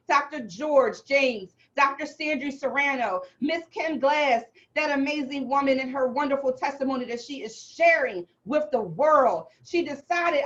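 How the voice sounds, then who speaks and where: A woman's voice: high voice, fairly bright tone. A woman co-host giving fervent, encouraging closing remarks over a video call. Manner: fervent and affirming. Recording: dull lo-fi call audio.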